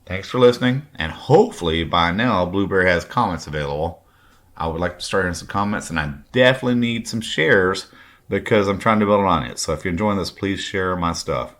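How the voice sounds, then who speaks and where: Deep-voiced, blunt, profane man in his late 40s. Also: a little fast, a bit bright. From Kentucky, US. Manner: blunt, heavily profane, raw. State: drinking. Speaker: podcast host. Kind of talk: personal storytelling podcast monologue.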